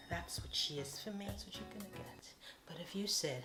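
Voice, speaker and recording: Lady vlogger hyping you up, kinda low voice, calls you honey and darlings, echoey room w/ soft music under it. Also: normal speed. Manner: coaxing and playful, calls viewers darlings and honey. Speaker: motivational vlogger. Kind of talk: direct-to-camera motivational talk.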